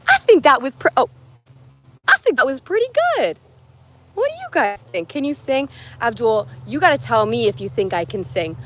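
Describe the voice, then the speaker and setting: A young woman from the United States streams live on her phone among forested mountains, answering viewers' comments in a bubbly, meandering chat. She speaks at normal speed in a high-ish, sing-song, fairly bright voice over slight background noise.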